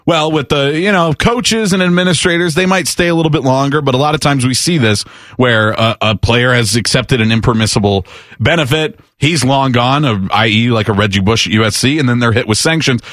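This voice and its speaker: A man's voice: mid-range voice, brisk, fairly bright tone, no echo, studio quality. A man co-hosting a casual sports talk show, reading news items aloud and riffing on them with wry jokes.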